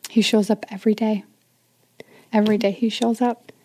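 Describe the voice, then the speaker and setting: A middle-aged mother of four, interviewed as a guest, shares a personal story. Her mid-range voice is level and her speed normal, but she speaks softly and often sinks almost to a whisper.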